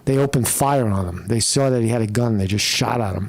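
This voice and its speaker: A man's voice: lowish voice, brisk, gravelly, hardly any pauses. A man commenting on a live stream, rambling and cursing, stopping often to ask "right?" and reading out viewer questions. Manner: rambling, profane, keeps asking "right?".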